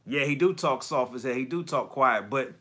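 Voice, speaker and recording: A man hosting a casual livestream chat about collectibles, talking in slangy, profane bursts and animated storytelling. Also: medium pitch, moderate pace. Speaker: YouTube collector channel host.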